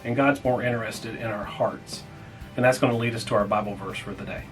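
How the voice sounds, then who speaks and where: A man serving as pastor, leading a small group Bible lesson in a plainspoken way and repeating key points slowly so people can take notes. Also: fairly low pitch, fairly even intonation, loud music behind the voice, poor audio. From United States.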